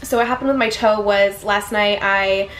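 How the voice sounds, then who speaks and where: A woman's voice: mid-range voice, fairly even intonation, moderate pace, a bit bright, slight background noise. A young woman telling a story straight to a camera on a tripod in her apartment, rambling with lots of fillers and restarts. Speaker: vlogger. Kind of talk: casual personal storytelling.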